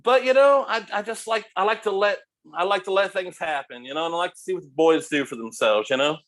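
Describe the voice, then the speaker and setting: Middle-aged man, podcast guest, loose animated storyteller, profane and laughing, a little higher-pitched than most. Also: quick pace. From United States. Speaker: podcast guest, restaurant owner. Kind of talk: casual storytelling.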